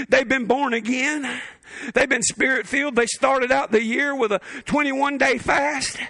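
A man preaching a sermon as pastor, shouting his exhortations and switching to playful, lower asides and acted-out quotes of the people in his stories. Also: vocal fry, no room sound.

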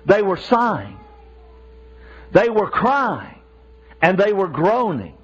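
Impassioned preacher man, animated pitch. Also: slow, breathy edge. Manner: impassioned, repeats himself for emphasis. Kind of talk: sermon. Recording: dull lo-fi sermon recording.

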